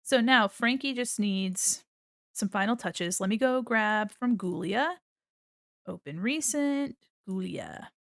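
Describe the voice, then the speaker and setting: A young woman streaming as a VTuber chats casually and giggles with viewers while she draws, with a slight valley-girl lilt she herself says sounds a bit valley girl. Her medium-pitched voice is expressive, slow, and a little bright. The studio sound is clean, with no room sound.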